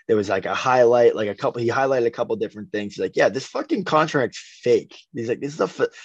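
A man's voice: fairly low pitch, a little mellow, dry recording. A young man, a boxer telling a rambling, profane story in a casual podcast interview. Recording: dry, slightly dull podcast audio.

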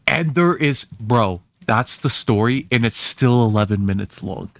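A man's voice: medium pitch, expressive, unhurried, fairly bright tone, dry recording. A young man reacting to his old video, wry and self-mocking, often laughing. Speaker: vlogger. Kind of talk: reaction commentary.

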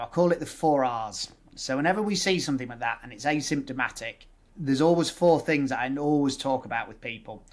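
A man, a guest dentist talking through his practical methods step by step. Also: mid-range voice. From West Yorkshire, England. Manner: practical, explains step by step, uses patient scripts. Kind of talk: casual interview chat.

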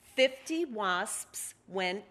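Woman author giving a museum talk, slow and measured, reads bits aloud. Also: medium pitch, lively intonation, fairly bright tone. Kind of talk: lecture with read-aloud passages.

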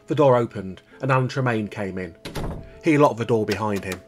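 Man reading a kids book out loud, calm and even, bit of quiet music behind. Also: lowish voice. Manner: calm, measured storytelling. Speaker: storybook reader. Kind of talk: reading a children's book aloud.

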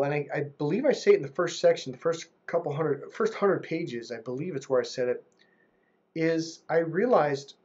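A man with a fairly high, husky voice, coaching on relationships in a casual talk to camera. He is animated and slips into impressions of other people as he goes. The audio sounds dull and lo-fi.

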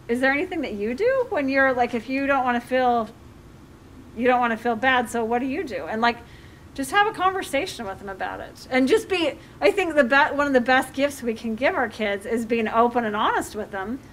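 Animated high-voiced woman life coach. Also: slight background noise. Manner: animated, acts out parent-child dialogue. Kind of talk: community talk with audience questions.

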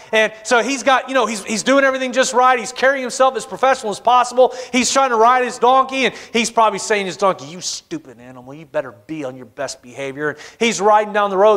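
A male pastor preaching a sermon in a church, telling the story with animated voices. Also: sits high. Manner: animated storytelling, acts out characters. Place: church sanctuary. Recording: long hall reverb in church.

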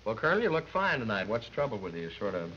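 A man's voice: on the low side, sing-song, racing. A man acting as straight man and announcer in a 1930s radio comedy, mock-dramatic and chuckling. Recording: muffled old film soundtrack with hiss.

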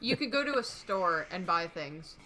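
A woman's voice: lowish voice, lively intonation, normal speed, sharp tone, faint music behind. A woman streamer hosting a game stream, reading game text aloud with playful sarcasm. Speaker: host.

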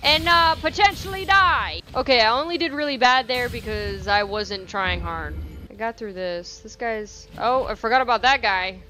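A young woman giving casual, profane gameplay commentary with sudden excited outbursts. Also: mid-range voice, moderate pace. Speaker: gaming channel host.

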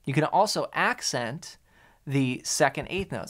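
A man's voice: on the high side, moderate pace. A man teaching an online guitar lesson, explaining rhythm and counting beats aloud while he plays. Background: guitar playing.

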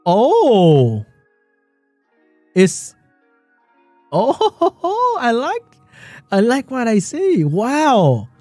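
A man calls an esports match live on his stream, and his voice swings up and down as he gets excited. He laughs a lot and answers his chat between plays. The sound is dry and close, with faint music in the background. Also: very high-pitched, very slow, long pauses, dry recording. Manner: excitable, laughs often, chats with viewers. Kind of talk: live game commentary while reading chat.

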